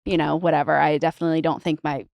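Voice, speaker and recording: A woman's voice: low-pitched, very fast, gravelly, dry recording, studio quality. Chatty woman telling a story. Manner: animated, swearing, acts out quoted voices. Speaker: podcast guest, bride telling her wedding story. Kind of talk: casual storytelling chat.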